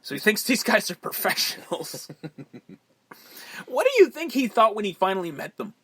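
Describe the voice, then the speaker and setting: A man with a high, bright voice recaps scenes on a casual movie podcast, swearing freely. His pitch jumps around a lot. The sound is close and dry. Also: huge pitch swings, normal speed, breathy edge, dry recording. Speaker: podcast co-host.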